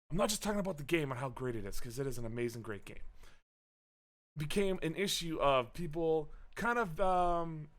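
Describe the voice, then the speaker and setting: A man co-hosting a casual gaming podcast, talking in an animated way, swearing freely and filling his talk with "uh" and restarts. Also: on the high side, fairly quick. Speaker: podcast co-host.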